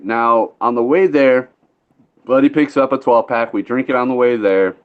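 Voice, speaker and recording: A man's voice: mid-range voice, normal speed. Casual male podcast host, loose storyteller, dull recording. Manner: rambling, laid-back storyteller, swears freely.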